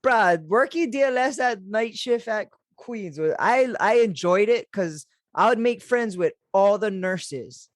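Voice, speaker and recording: A man's voice: high-pitched, expressive, a little slow, few pauses, no echo, clean studio sound. A man hosting a podcast, chatting in a laid-back, slangy way and laughing often. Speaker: podcast host. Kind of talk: casual chat.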